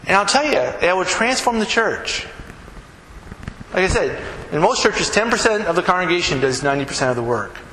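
High-voiced pastor preaching in an echoey hall. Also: male voice, sing-song, a little fast, pushed and bright. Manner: conversational preaching with quoted dialogue, emphatic rising peaks. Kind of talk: sermon. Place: church sanctuary. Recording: echoey hall, background noise.

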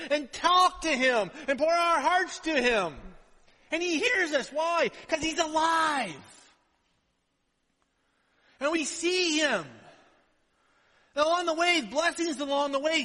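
A male pastor delivers a conversational sermon, tossing "right?" to the congregation as he goes. His voice sits high and sounds bright and forceful. The sound carries a long reverb from a large hall. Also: very animated, a little slow. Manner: chatty, keeps asking the congregation "right?".

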